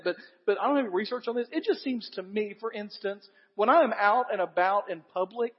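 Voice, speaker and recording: High-voiced male preacher in a reverberant hall. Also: highs cut off. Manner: earnest, building emphasis with repeated phrases, asks the congregation questions. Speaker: pastor. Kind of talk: sermon.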